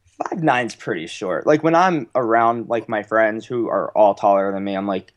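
A man's voice: lowish voice, normal speed. Casting: young man, Philly accent, casual podcast guest, rambling and self-mocking. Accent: Philadelphia. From United States.

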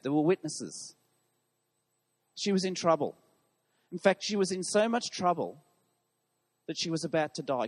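A man preaching a sermon to his congregation, putting questions to the listeners. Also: high-pitched. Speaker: pastor. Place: church hall. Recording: long reverb of a large hall.

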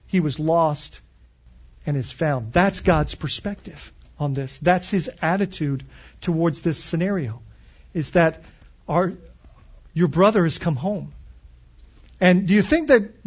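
A man's voice: sits high, muffled recording. A man preaching a morning sermon as pastor, reading scripture aloud and explaining it with questions to his listeners.

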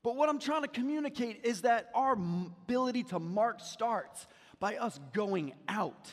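A man preaching a sermon as a pastor, talking to the congregation in a conversational way and dropping to a quiet storytelling voice for anecdotes. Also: very high voice, animated, moderate pace, big-room sound. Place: church sanctuary.

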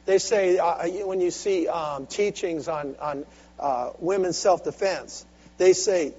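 A man preaching a sermon with call-and-response, swinging from soft, intimate asides to loud, driving exhortation. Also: fairly high pitch, slow pace, husky. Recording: dull lo-fi recording with faint hum.

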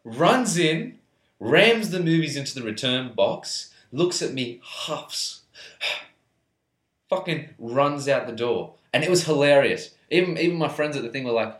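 A man's voice: fairly high pitch, animated, a little slow, fairly bright tone. A man telling a crude story in casual podcast chat, laughing often and swearing freely. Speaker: podcast co-host. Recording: echoey room.

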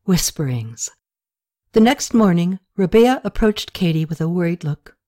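A woman narrates an audiobook in a steady, even storytelling manner. Her voice is on the low side and her pace a little slow.

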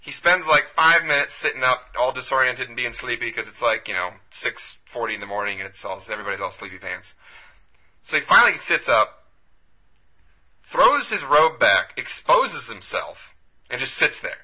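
A man's voice: medium pitch, moderate pace. Laid-back man, dull lo-fi podcast. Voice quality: laid-back, profane, deadpan delivery. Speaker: podcast co-host. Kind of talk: casual storytelling chat.

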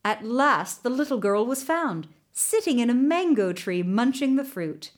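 Brief: woman narrator, slow and expressive, storybook reading. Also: a little high. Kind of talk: scripted narration.

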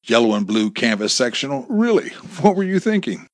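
A man performs a cruel, sarcastic kidnapper mocking and taunting a victim by phone for a storybook reading. He speaks briskly and very animatedly at medium pitch, close to his everyday voice, with no room sound.

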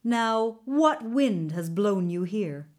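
A woman voicing a weary older male guardian warrior in a storybook reading, speaking gently and courteously. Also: medium pitch, lively intonation, takes it slowly.

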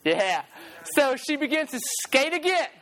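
With a high voice and a measured pace, this preacher tells a sermon as a story, lively throughout, driving points home through repetition and sometimes singing a line.

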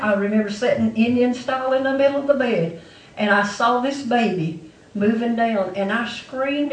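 A woman preaches to her congregation, pressing her points home through repetition. Her voice sits a little high for a woman. She is picked up from some distance in an echoey church. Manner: testifying preacher, emphatic and repetitive. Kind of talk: sermon. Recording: echoey room, mic far off.

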